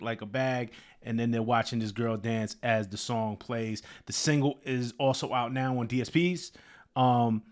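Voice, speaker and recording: A man's voice: mid-range voice, a bit bright. A man hosting his own show, giving casual commentary on a new music release, talking loosely with many fillers and restarts. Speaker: host.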